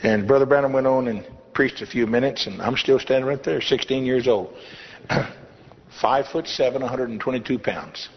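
A man's voice: medium pitch, moderate pace. Older man, folksy preacher, long hall reverb, dull lo-fi tape, faint room hum. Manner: folksy, humorous storytelling. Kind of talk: sermon testimony. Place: church hall.

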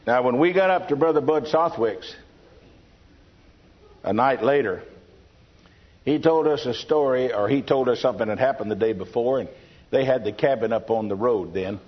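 A man's voice: mid-range voice, moderate pace, long pauses. A man from Texas with a Texan accent, preaching a sermon full of folksy, humorous stories. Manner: folksy, humorous anecdote-telling. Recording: dull lo-fi sermon recording.

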